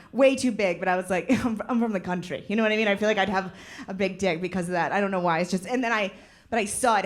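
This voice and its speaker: A woman comedian telling stories on stage, acting out characters with sudden high yells. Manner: animated storytelling, acting out voices with loud high yelps. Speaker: stand-up comedian. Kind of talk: stand-up comedy set. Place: live comedy venue.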